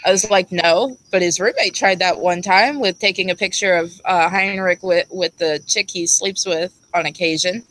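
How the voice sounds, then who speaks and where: A woman's voice: fairly low pitch, moderate pace, few pauses, fairly bright tone, a little hiss or hum, rough recording. A woman telling a crude personal story in casual chat, blunt and laughing as she acts out what others said. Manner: blunt, crude and laughing, acting out quoted speech. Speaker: storyteller guest.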